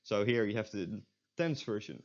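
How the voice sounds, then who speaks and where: A man's voice: fairly low pitch, animated, normal speed. A young man teaching a beginner's language lesson, explaining step by step with frequent fillers and self-corrections. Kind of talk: recorded online lesson. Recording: dull lo-fi recording.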